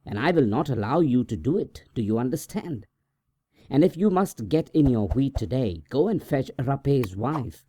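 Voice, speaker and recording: A man's voice: mid-range voice, dark tone. A man voicing an angry, stern country doctor in a storybook reading, speaking in a raised, scolding way.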